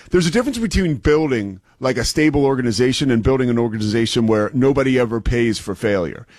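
A man's voice: medium pitch, no echo. Forties male sports co-host, emphatic, dry close mic. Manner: emphatic, repeats words when pressing a point. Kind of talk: opinionated sports talk.

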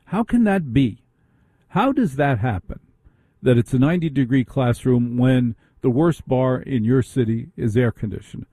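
A man's voice: mid-range voice, lively intonation, moderate pace, mellow, no room sound. A middle-aged man hosting a talk radio show, ranting with indignant rhetorical questions. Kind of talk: opinionated talk radio monologue.

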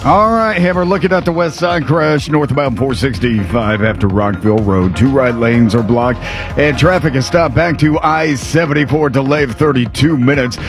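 A man reading a radio traffic report, rattling off crashes and delays in a brisk way. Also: mid-range voice, over music.

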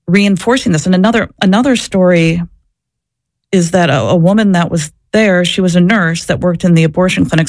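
A woman's voice: on the low side, darkish tone, dry recording. A woman guest in an interview, telling personal stories candidly and reflectively, often repeating words and restarting sentences. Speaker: interview guest, former abortion clinic worker. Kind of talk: candid personal storytelling in conversation.

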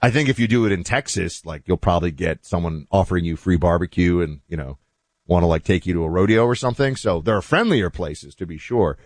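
A man hosting a talk show, chatting in a loose, animated monologue with asides that trail off quietly. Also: sits low, fairly quick, no echo. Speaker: host.

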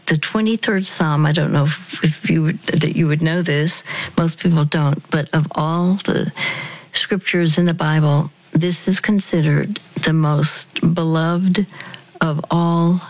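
A woman speaking on a radio ministry show, talking slowly and deliberately, repeating phrases for emphasis. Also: low-pitched, fairly even intonation, poor audio. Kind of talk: radio talk with a caller.

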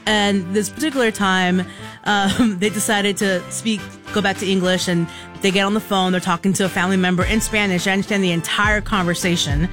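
A woman's voice: mid-range voice, fairly quick, over music. A woman co-hosting a radio show, telling casual stories and acting out the dialogue in them. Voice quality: animated storyteller acting out dialogue. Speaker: radio co-host. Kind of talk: casual radio chat, storytelling. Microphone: studio microphone.

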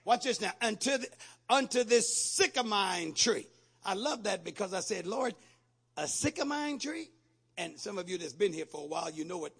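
High, gravelly preaching man. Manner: call-and-response preaching, rising to shouts. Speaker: pastor. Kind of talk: sermon.

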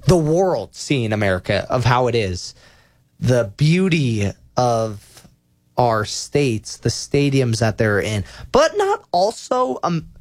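Young male sports talk host, mid-pitched, excitable and rambling, dry close sound. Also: slow, dry recording. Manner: rambling, self-correcting, enthusiastic. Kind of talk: casual sports talk countdown.

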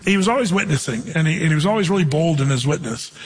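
A man preaching a conversational sermon, reading scripture slowly and telling stories along the way. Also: fairly high pitch, animated, husky, in a large hall. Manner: conversational, tells anecdotes, reads scripture slowly. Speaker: pastor. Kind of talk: sermon teaching through scripture.

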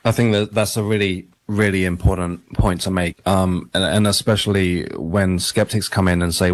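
A man's voice: deep voice, steady tone, moderate pace. A man, an author, answering questions as a radio interview guest in a thoughtful, self-deprecating way.

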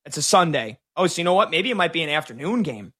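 A man with a high, bright, forceful voice talks sports live on a show. He jumps in with score updates, gets excited, and works through his thoughts out loud with quick restarts. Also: breathy edge. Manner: excitable, thinks aloud in restarts. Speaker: sports talk show co-host.

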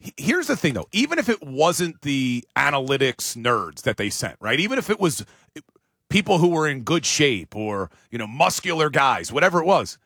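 A man hosting a sports talk show, talking casually and emphatically with big jumps in pitch. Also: very animated, normal speed, fairly bright tone, breathy edge, dry recording, clean studio sound.

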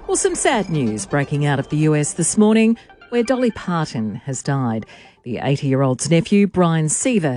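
A woman reading a radio news bulletin in a measured, formal way. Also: deep voice, a little mellow. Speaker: newsreader.

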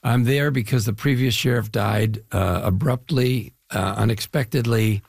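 Gravelly, husky middle-aged man. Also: medium pitch, normal speed, no room sound, studio quality. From Chicago area, Midwest US. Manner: animated, rambling storyteller. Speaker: actor guest. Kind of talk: casual interview talk.

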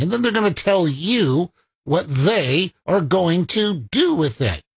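A man's voice: sits high, a bit bright, slightly rough. A middle-aged man hosting a political talk radio show, delivering a sardonic monologue with frequent chuckles.

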